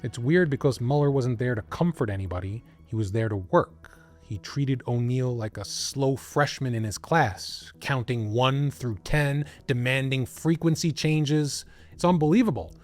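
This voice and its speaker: A man's voice: medium pitch, measured pace, faint music behind. A man narrating a scripted documentary with dramatic storytelling and asides to the listener.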